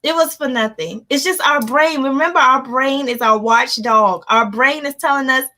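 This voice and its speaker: A woman life coach giving an energetic motivational talk, animated and laughing often as she acts out her own reactions. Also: sits high, normal speed. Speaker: life coach hosting a live motivational session.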